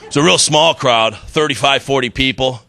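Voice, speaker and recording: Bright-voiced stand-up comic on stage. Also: male voice, mid-range voice, moderate pace, gravelly, no room sound. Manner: storytelling, punchy delivery with acted-out quotes. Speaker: stand-up comedian. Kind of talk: stand-up comedy routine.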